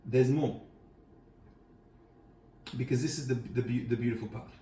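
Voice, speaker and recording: A man's voice: medium pitch, fairly even intonation, moderate pace, dark tone, slight background noise. Earnest man teaching in an echoey room. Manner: earnest, searching, quotes Hebrew verses. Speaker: host. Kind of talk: reflective Torah teaching. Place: kitchen. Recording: echoey room, mic at a distance.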